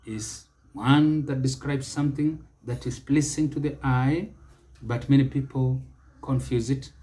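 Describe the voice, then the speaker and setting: In a warm, medium-pitched voice, this English pronunciation teacher with a Kenyan accent speaks deliberately, repeating every word for emphasis.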